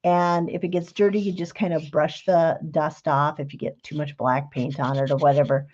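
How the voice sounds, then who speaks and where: A woman's voice: sits low, steady tone, moderate pace, darkish tone. Chatty woman demoing a craft, lo-fi. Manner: chatty, homey and explanatory. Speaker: craft show host. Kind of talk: live craft demonstration.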